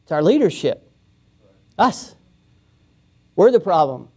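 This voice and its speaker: In a church, a male pastor preaches a sermon in a casual, joking style, often chuckling and acting out the voices he quotes. His voice is high-pitched and a little mellow, slow, with big swings in pitch.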